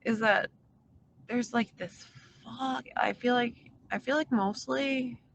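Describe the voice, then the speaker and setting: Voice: mid-range voice, steady tone, slow pace, creaky, fairly bright tone, a little hiss or hum, low-quality recording. A livestreamer talking to their chat in a casual, meandering way, swearing often and full of fillers. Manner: profane, filler-heavy, meandering. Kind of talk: casual rambling stream chat.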